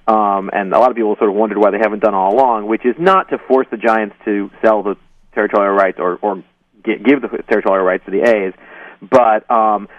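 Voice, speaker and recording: A man on a tinny phone line, his voice sounding distant and dry as he works his way through each point haltingly, full of ums and you-knows. His voice sits low. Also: no room sound. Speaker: guest journalist. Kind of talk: phone-in interview.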